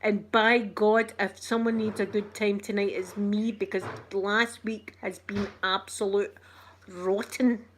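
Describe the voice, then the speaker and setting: A woman's voice: mid-range voice, little pitch movement, a little slow, a little hiss or hum. A middle-aged Scottish woman hosting a casual livestream, telling a story animatedly and acting out what people said. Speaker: channel host.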